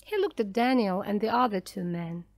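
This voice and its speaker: A woman narrating a graded reader story slowly and clearly for language learners. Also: mid-range voice, animated, no room sound. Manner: slow, clear, carefully paced for learners.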